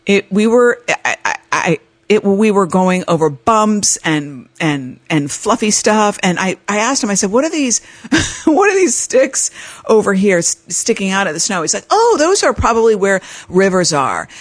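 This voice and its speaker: A woman hosts her own podcast and tells a personal story with a very lively, bouncing pitch. She acts out the voices in the story and laughs often. The recording is dry and close, with no room sound. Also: no room sound. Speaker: podcast host. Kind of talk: storytelling monologue.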